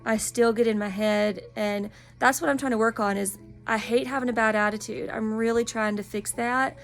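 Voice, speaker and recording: A woman in her thirties speaks in a casual vlog monologue, her slightly high voice edged with a gravelly fry. She sounds earnest, encouraging and openly personal, like a wellness practitioner reaching out to her followers. Faint music plays softly behind her. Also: fairly even intonation, moderate pace.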